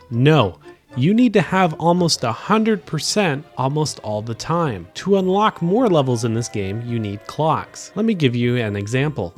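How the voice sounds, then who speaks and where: A young man doing a video game review voice-over in a flat, monotone delivery. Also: fairly high pitch, unhurried. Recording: voice-over with faint game music behind.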